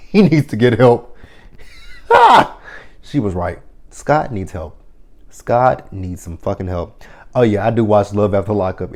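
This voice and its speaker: A man's voice: medium pitch, a little mellow. A man in his thirties casually recapping a TV episode, chatty and profane, laughing often. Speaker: TV episode reviewer.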